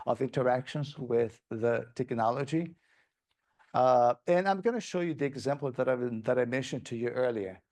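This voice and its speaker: A man's voice: medium pitch, darkish tone. A man giving a plenary conference presentation, speaking in an enthusiastic, conversational way with many restarts.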